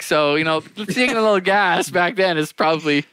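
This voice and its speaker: A man's voice: high voice, fairly quick, a bit bright, clean tone, no echo. A man co-hosting a podcast, telling long rambling stories and laughing through them in casual chat. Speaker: podcast co-host.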